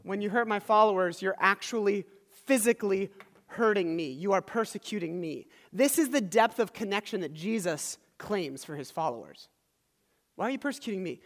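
A pastor preaches in a high, animated voice at normal speed with a fairly bright tone. His sermon retells a scripture story conversationally, punctuated by asides to the congregation, and the large church hall adds long reverb.

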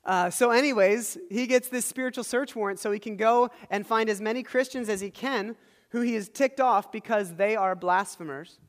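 A man with a high voice preaches at a moderate pace as the pastor of a church. In a large hall with long reverb, he recounts a scripture story in a conversational style, turning aside now and then to address the congregation.

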